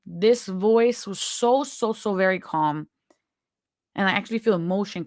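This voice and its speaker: A woman earnestly telling a personal story of nearly drowning, halting at times as emotion rises. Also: mid-range voice, a little mellow, no echo, studio quality. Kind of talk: personal story told to viewers.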